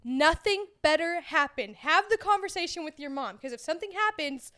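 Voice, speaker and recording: A woman's voice: very high voice, normal speed. A young woman co-hosting a podcast, telling a story in casual chat and acting out what everyone said. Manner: animated storyteller acting out quotes. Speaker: podcast co-host.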